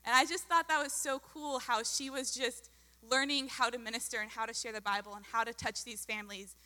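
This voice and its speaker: A young woman talks in an upbeat, chatty way, full of fillers. Her voice is bright and a little high. A long hall reverb trails behind her. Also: fairly even intonation, brisk. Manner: bubbly, chatty with many fillers. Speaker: mission volunteer. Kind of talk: testimony.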